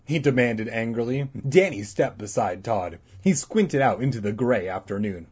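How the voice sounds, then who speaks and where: A man's voice: mid-range voice, animated, normal speed, few pauses, a little mellow, breathy edge. A man casually reading a children's book aloud, irreverent, stumbling and correcting himself. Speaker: reader.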